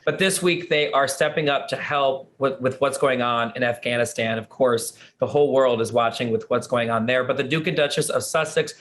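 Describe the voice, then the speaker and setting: A hoarse man hosting an entertainment news show, presenting in an upbeat, chatty way. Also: medium pitch, moderate pace, few pauses, fairly bright tone. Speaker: host.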